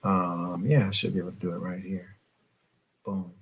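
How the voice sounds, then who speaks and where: A middle-aged man coaching on relationships in a late-night live stream, animated and preachy, scolding his viewers playfully and laughing often. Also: sits low, normal speed, husky. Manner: fumbles with his phone while reading comments.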